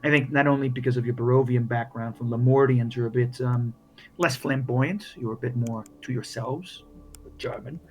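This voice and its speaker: A man's voice: medium pitch, steady tone, normal speed, a little mellow, faint music behind. A man narrating as game master, rambling with many restarts. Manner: rambling, full of fillers and restarts.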